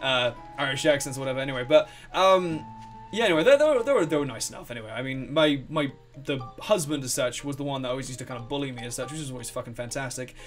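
A young man commentating a game, rambling and excitable, swearing freely. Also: medium pitch, fast talker, faint music behind. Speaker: let's play host. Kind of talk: gameplay commentary.

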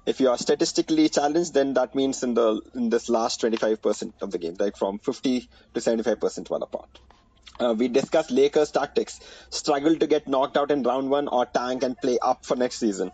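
A man's voice: mid-range voice, fairly quick, darkish tone, slightly rough, low-quality recording. Indian man hosting a playful podcast. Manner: playful, rhyming intro, frequent restarts. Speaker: podcast host. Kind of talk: casual podcast chat.

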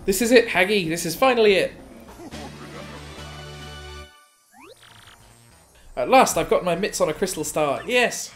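Man putting on a blustering villain king for a game let's play, played loud. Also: sits high, lively intonation, a little fast, soft background music, pitched above the performer's own voice. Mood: gloating. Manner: blustering, boastful. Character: loud bossy male koopa king.

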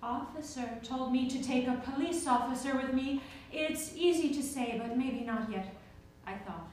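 A woman's voice: sits high, normal speed, a little mellow, natural voice. A woman playing a resigned, matter-of-fact worker on an echoey stage. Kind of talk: stage play reading. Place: theater stage. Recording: echoey stage from far off, faint noise.

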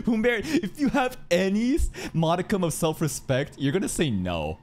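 A young man casually reacting to an anime episode as a streamer, swearing, laughing and riffing quick jokes. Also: high-pitched, big pitch swings, a little mellow. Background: anime soundtrack playing.

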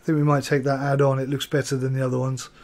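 This gaming host speaks fast in a medium-pitched, level, slightly mellow voice. Playing a bus driving game for his let's play, he's talkative, jokey, and self-deprecating.

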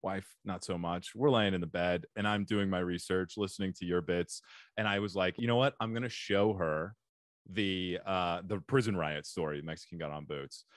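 A man's voice: deep voice, moderate pace, dry recording, clean studio sound. A middle-aged man hosting a podcast, chatting with a guest as an enthusiastic fan who laughs often. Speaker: podcast host. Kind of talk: casual interview chat.

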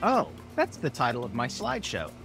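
A man's voice: medium pitch, huge pitch swings, a little fast, vocal fry, fairly bright tone, faint music behind. A man co-hosting a math podcast, doing scripted comedy banter, playful and easily exasperated. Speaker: podcast co-host.

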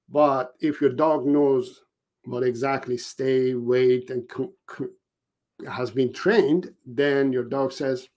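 A man's voice: medium pitch, flat delivery, measured pace. A man who trains dogs, giving a casual live tutorial in a loose, conversational way with many fillers and restarts. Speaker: dog trainer.

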